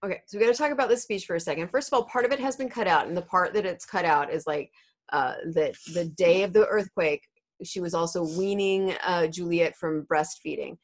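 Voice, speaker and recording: Animated woman English teacher. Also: lowish voice, a little fast. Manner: animated, explains with playful voices. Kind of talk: casual teaching talk. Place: home.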